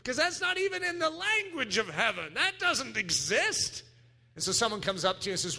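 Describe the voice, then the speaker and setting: A man preaching a sermon, animated, acting out voices and breaking into sudden shouts. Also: very high voice, normal speed, gravelly. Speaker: pastor.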